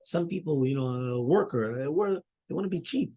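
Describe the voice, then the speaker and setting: A man teaching a Talmud class, animated and full of "okay?" and "right?", mixing Hebrew and Aramaic terms into English. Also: on the high side, moderate pace.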